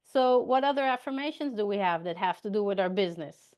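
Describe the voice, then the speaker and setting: A woman's voice: medium pitch, lively intonation, fairly quick, few pauses, darkish tone. A woman giving a motivational coaching talk, chatty, repeating her points and checking in with "okay?".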